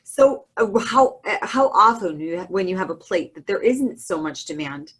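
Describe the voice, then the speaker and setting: A woman's voice: fairly low pitch, lively intonation, moderate pace, fairly bright tone, husky. A woman co-hosting a podcast in casual chat, easygoing and laughing between her thoughts. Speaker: podcast co-host.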